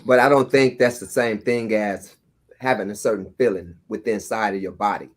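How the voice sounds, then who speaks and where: A man in a casual chat who speaks haltingly, often stalling while searching for a word. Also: lowish voice, steady tone.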